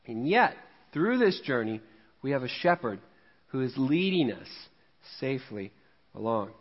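A pastor from Missouri, USA, preaches a sermon in a church sanctuary, telling a fishing story in a jokey, conversational way and laughing at himself often. His mid-range voice is very animated at a measured pace. The church hall recording is dull with long reverb.

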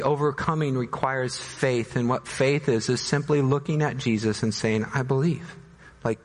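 A male pastor preaching a dramatic sermon, voicing doubters in high anguished tones and dropping to soft, slow pleas. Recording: long hall reverb.

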